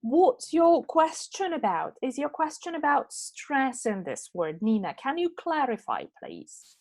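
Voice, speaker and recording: A woman's voice: high voice, very animated, takes it slowly, darkish tone. A woman English teacher answering chat questions after an online lesson, patiently checking that her answers land, speaking into an online meeting microphone. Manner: patient, checks understanding with "yeah?" and "okay?".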